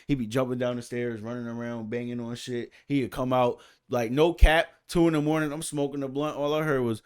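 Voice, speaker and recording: A man who is a musician and podcast guest, telling animated, profane stories in casual chat and acting out other people's lines loudly. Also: medium pitch, fairly quick, clean tone. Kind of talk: casual storytelling.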